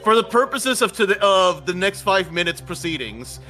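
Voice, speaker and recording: A man's voice: high-pitched, expressive, moderate pace, pushed and bright, faint music behind. A man chatting casually while playing, joking and stammering. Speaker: player. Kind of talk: casual chat.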